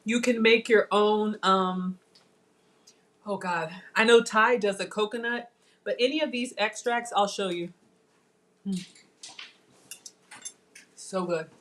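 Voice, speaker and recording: A woman's voice: mid-range voice, takes it slowly, pauses often. A woman chatting casually to viewers while tasting food on a live cooking stream. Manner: chatty, addresses viewers as y'all, savoring food. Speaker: cooking vlogger.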